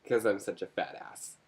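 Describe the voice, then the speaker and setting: A man's voice: mid-range voice, a little hiss or hum. A man vlogging in a casual chat to his camera, rambling from topic to topic with jokes and self-mocking asides.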